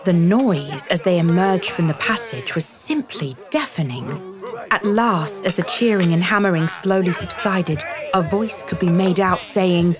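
A woman reading a classic storybook aloud with an expressive, dramatic manner. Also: fairly low pitch, a little slow, music in the background. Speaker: narrator.

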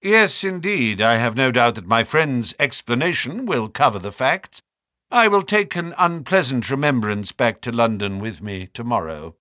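A man voicing a jaunty, nervous male naturalist with fluttering, high-pitched exclamations in an audiobook reading. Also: expressive, moderate pace, pushed and bright, dry recording, studio quality. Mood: polite.

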